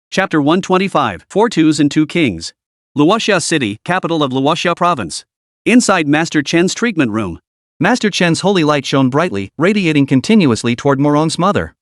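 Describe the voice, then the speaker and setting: A man narrating a comic recap in a brisk, scripted storytelling manner. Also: on the high side, sing-song, dry recording, clean studio sound.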